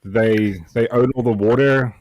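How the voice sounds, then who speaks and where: A man on a comedy panel asking halting questions in casual chat. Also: mid-range voice, steady tone, muffled recording.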